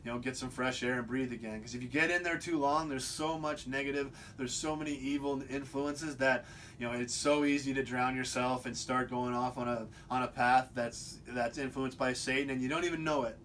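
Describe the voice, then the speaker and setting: Casting: male host, loose unscripted monologue, mid-pitched, stumbles and restarts, faint rumble behind. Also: fairly even intonation, brisk, a bit bright. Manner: rambling, many restarts and repeats. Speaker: video host. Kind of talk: casual monologue.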